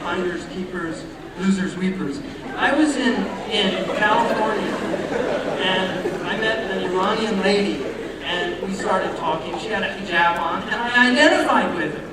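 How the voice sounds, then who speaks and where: A man's voice: high voice, moderate pace, over a noisy crowd. American man lecturing in an echoey hall. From United States, New York area. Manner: conversational, joking asides, rhetorical questions. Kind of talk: humorous public lecture. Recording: very echoey hall, voice from far off, noisy.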